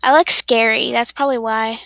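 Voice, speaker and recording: A woman's voice: on the high side, steady tone, brisk, vocal fry, a bit bright, no room sound. A woman streamer chatting casually while playing a game, rambling and talking to her chat.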